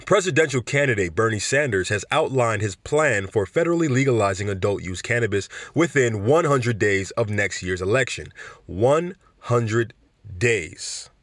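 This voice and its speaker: A man's voice: on the low side, expressive, normal speed, no room sound, studio quality. A man hosting a podcast, chatting casually and rambling while reading news aloud, often correcting himself mid-sentence. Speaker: podcast host.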